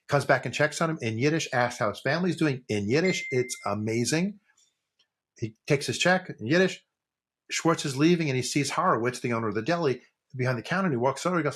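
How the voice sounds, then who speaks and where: A man's voice: mid-range voice, lively intonation, fast talker, fairly bright tone, slightly rough. A man co-hosting a casual podcast, rambling and joking as he tells stories. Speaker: podcast co-host. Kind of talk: casual chat.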